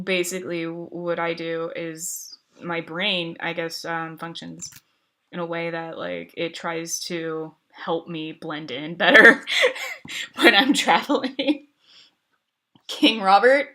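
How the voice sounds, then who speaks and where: A woman's voice: on the low side, gravelly, sharp tone. A woman streamer chatting casually with viewers, rambling with lots of fillers and restarts and laughing often. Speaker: streamer answering chat.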